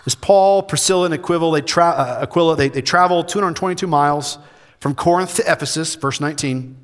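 Emphatic preacher in a reverberant hall. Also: male voice, on the high side, brisk. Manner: emphatic, swings between loud preaching and soft intimate delivery. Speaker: pastor. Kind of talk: sermon.

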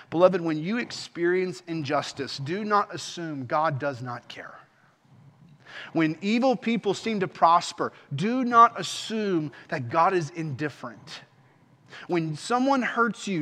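A man's voice: high voice, lively intonation, normal speed, sharp tone, long reverb tail. A man preaching an earnest sermon as pastor, rising into impassioned pleas.

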